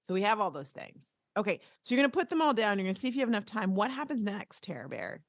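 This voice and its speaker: A woman's voice: mid-range voice, sing-song, fast talker, no room sound, clean studio sound. A woman co-hosting a podcast in casual chat, playful and talkative. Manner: chatty, playful, slips into quoted voices. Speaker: podcast co-host.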